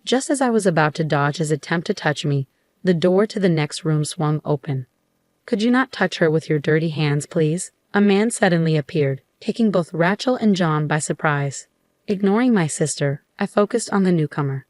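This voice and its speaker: A woman reading a first-person story aloud in an even, measured way. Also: deep voice, no room sound. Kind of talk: scripted first-person narration.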